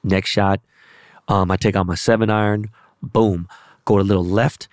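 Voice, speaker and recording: A man's voice: fairly low pitch, steady tone, moderate pace, no echo, clean studio sound. A young adult man rambling in a brash, profane, slang-heavy casual monologue as a vlogger.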